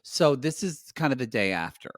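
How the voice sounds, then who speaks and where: A man's voice: mid-range voice, very animated, moderate pace, no room sound, clean studio sound. A man co-hosting a podcast, gossiping his way through a reality TV recap in casual chat and speaking to listeners as y'all. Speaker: podcast co-host.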